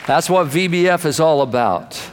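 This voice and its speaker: A man's voice: a little high, normal speed, a faint crowd. A pastor, a man, preaching a sermon to his congregation in a folksy, joke-telling, emphatic way. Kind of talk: sermon with jokes. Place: large church sanctuary. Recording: long hall reverb.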